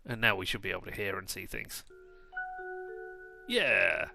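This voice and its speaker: A man's voice: low-pitched, unhurried, gravelly, music in the background. A man streaming a game, chatting casually in a rambling, jokey way full of digressions. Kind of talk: casual let's-play chat.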